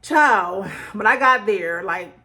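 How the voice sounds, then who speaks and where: A middle-aged woman talking straight to her viewers in a relaxed storytelling vlog. She is chatty and animated, with plenty of fillers. She slips into other people's voices as she tells her story. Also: mid-range voice, slow. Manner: chatty and animated, acts out quoted lines with laughter; conversational, frequent fillers like "like" and "child". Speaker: beauty vlogger. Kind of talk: casual storytelling to camera.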